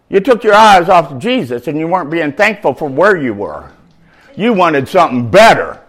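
A man preaching a sermon, reading scripture and adding loud, animated, conversational asides, shouting at the peaks. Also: sits high.

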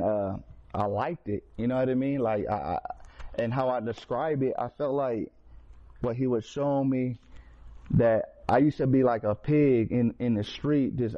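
Man, personal testimony, earnest, street slang, restarts and fillers, middle pitch, muffled lo-fi recording. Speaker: person sharing a faith testimony. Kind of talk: personal testimony, casual storytelling. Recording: slightly dull lo-fi recording.

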